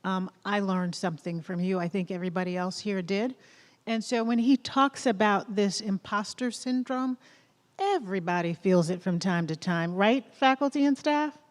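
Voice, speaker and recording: A woman with a Southern accent speaks at a lectern in a large theater, and her voice rings with long reverb. She talks in a loose, chatty way, encouraging the crowd, and she builds to loud rallying questions. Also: mid-range voice, normal speed. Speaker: college president. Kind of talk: off-script welcome speech.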